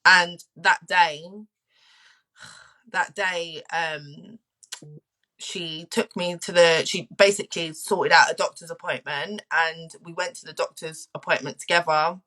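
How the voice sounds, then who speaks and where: Woman in her twenties, bit low and bright, opens up frankly, repeats stuff for emphasis. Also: fairly even intonation, takes it slowly, low-quality recording. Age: 20s. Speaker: guest sharing personal experience. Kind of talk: candid personal testimony.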